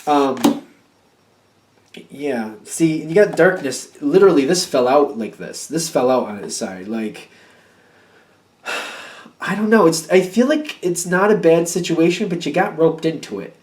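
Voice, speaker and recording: A man's voice: on the high side, expressive, unhurried, echoey room, distant mic. A man giving a casual tarot reading, thinking aloud and chatty, with many fillers. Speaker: tarot reader.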